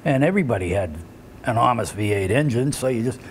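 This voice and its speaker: An older man, speaking at an everyday middle pitch and rambling through road stories from his wrestling days. He loses his thread and fills the gaps with "uh" and little chuckles. A faint hum of room ambience sits under his voice. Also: animated, fast talker. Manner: rambling anecdotes with fillers and chuckles. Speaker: retired wrestler, interview guest. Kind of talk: shoot interview storytelling.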